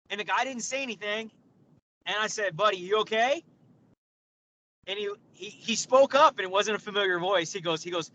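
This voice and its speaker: Man, high and bright voice, lively laughing storyteller, casual podcast chat. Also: moderate pace, long pauses, muffled recording, slight background noise. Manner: animated storyteller, laughs often. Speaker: podcast co-host.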